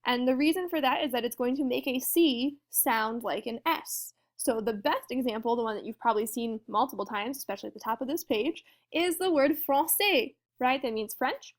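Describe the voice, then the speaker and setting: A woman's voice: fairly high pitch, moderate pace, hardly any pauses. A woman teaching a lesson in a friendly, explanatory way, often asking her students questions. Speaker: French teacher. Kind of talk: classroom lesson walkthrough.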